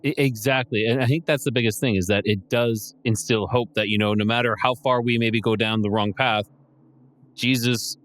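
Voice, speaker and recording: Halting man hosting an interview. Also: mid-range voice, steady tone, fairly bright tone. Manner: halting, stumbles and restarts, grateful. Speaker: podcast host. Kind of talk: interview conversation.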